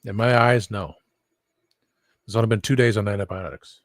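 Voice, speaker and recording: A man's voice: lowish voice, steady tone, moderate pace, dry recording. A man vlogging from home, rambling and thinking aloud, recorded by a camera set at some distance. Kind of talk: casual vlog monologue.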